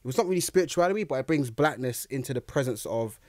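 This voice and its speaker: With a medium-pitched voice and a fast pace, a young man recounts his story as a casual interview guest, acting out his reactions with animation. It's a close, dry recording without room sound.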